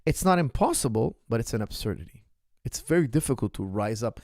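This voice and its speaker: A man who coaches martial arts hosts a question session, talking emphatically and repeating his points as he builds to forceful outbursts. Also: mid-range voice, lively intonation, fairly quick, no room sound, studio quality. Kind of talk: impassioned monologue commentary.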